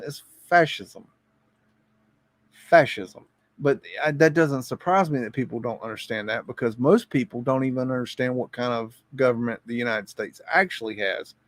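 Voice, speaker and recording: A man hosts a casual live stream, thinking aloud and reacting to what he sees. He rambles, chuckles and repeats himself as he goes. His voice sits at an average pitch, recorded close and dry. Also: no room sound. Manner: repeats words while reacting to images.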